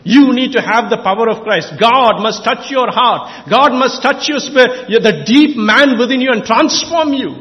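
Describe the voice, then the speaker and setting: Man, high voice, impassioned preacher, repetitive exhortation, long church reverb. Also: unhurried, few pauses, fairly bright tone, dull audio. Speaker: lay preacher. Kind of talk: sermon.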